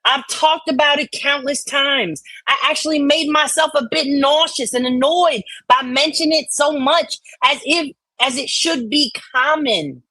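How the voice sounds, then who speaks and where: A woman co-hosting a casual chat, talking fast and bluntly. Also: high voice, bright, forceful tone, no echo, low-quality recording. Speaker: co-host.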